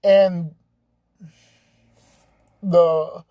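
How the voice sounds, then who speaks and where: A man's voice: high-pitched, flat delivery, extremely slow, warm tone, no room sound. A man telling a story in a casual, rambling way, full of "you know" fillers. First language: bilingual English and Spanish speaker. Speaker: podcast storyteller.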